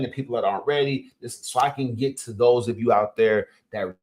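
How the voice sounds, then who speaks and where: Man in his fifties, casual motivational talk, emphatic, punchy. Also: medium pitch. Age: 50s. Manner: energetic, emphatic, punchy interjections. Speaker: coach and podcast host.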